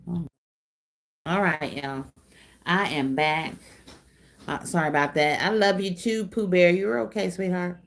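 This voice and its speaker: Chatty woman, lowish voice. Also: steady tone, a little slow, creaky, pauses often. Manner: chatty, folksy, calls viewers y'all and darling. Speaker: craft channel host. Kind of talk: casual livestream chat reading comments.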